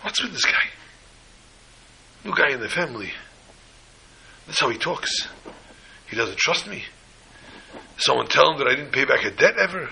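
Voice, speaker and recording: Gravelly, bright-toned man preaching. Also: normal speed, pauses often, low-quality recording. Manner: animated storytelling, voices the characters with rising pitch. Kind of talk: Torah sermon with a story.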